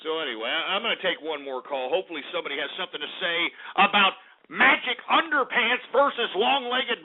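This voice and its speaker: A male call-in radio host, ranting in a profane, abrasive way. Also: high voice. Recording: tinny lo-fi radio archive with faint music.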